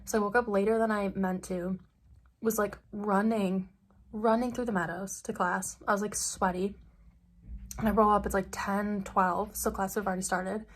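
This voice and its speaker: A woman's voice: medium pitch, steady tone, normal speed. Young woman vlogger, mid-range voice, chatty and rambling, phone-camera sound. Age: young adult. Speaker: study-abroad student vlogger. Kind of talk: casual vlog chat.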